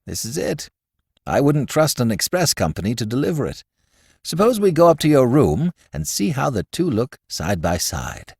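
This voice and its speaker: A man's voice: medium pitch, very animated, normal speed, gravelly, darkish tone, breathy edge, no echo, studio quality, exaggerated voice. A man playing pedantic Professor Binstead. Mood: calmly admiring. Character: genial older male professor, calm and pedantic.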